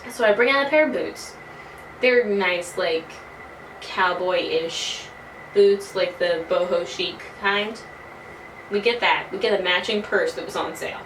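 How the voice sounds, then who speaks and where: A young woman in her early twenties telling a casual, animated story, swearing freely as she talks. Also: fairly low pitch, a little slow. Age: early 20s. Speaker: vlogger. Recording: roomy, from a distance, faint noise.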